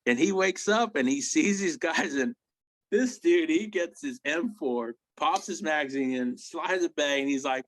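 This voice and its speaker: A man's voice: a little high, lively intonation, unhurried, a bit bright, no room sound, low-quality recording. A man in his forties, an army veteran, telling war stories in a rambling, blunt way that keeps checking in with "right?" and "you know?". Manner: blunt, swears freely. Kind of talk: casual war storytelling.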